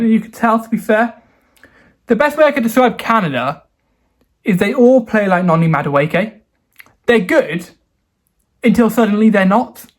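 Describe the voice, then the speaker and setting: A man giving a casual, rambling football review, self-mocking and mock-solemn by turns. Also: high-pitched. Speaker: football vlogger.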